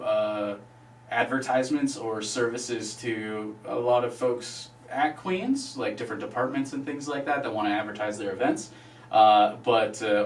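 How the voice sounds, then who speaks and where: A man from a radio station explaining how it runs, hesitant and full of "uh" pauses. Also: fairly low pitch, distant mic. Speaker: radio station staff member. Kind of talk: explaining in an interview. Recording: echoey room, off-mic, faint hum.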